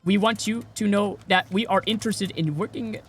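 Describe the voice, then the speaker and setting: A man imitating a scam caller posing as a job recruiter, slow and stumbling over scripted lines. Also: high voice, a little hiss or hum, pitched above the performer's own voice, lightly acted. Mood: stilted.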